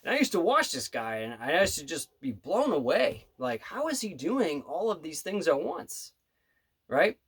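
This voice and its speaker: A man who plays bass tells a story in a casual vlog from his home studio. He speaks earnestly and rambles, with many asides. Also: very animated, moderate pace, slightly rough. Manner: rambling and earnest, full of "you know" and "right". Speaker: bass player and manifestation coach.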